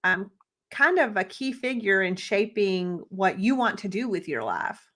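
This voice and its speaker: A woman hosts a relaxed interview, posing long, friendly questions and encouraging her guest. Her voice sits at an ordinary middle pitch. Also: measured pace. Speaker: interview host. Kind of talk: casual interview.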